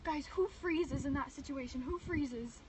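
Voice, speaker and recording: A woman's voice: sits high, a little slow. A frightened, shaking woman, a game show contestant, talking to herself and teammates in a car, repeating phrases and swinging from whispers to shrieks. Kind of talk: unscripted live reactions. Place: inside a parked car. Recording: distant mic with clear background noise.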